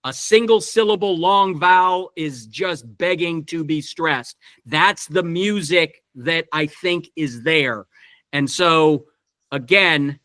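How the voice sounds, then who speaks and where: Man, director teaching verse, digressive, restarts often, high bright tone, dry sound. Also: no echo. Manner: digressive, many restarts, thinks aloud. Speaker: director leading a verse workshop. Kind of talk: teaching talk on Shakespeare verse. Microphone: video call.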